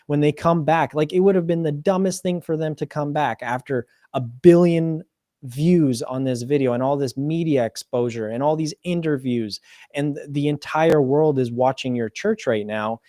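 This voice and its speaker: A man hosting an interview, talking in an animated way and often stumbling and restarting mid-sentence. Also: fairly high pitch, normal speed, no echo, studio quality. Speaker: host. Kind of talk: conversational interview.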